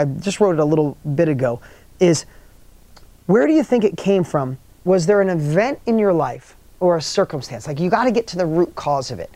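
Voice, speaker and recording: A man's voice: high-pitched, a little mellow, dry recording. A man leading a motivational workshop, telling stories emphatically and repeating key phrases to the audience. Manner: asks the audience rhetorical questions. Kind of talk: motivational seminar talk.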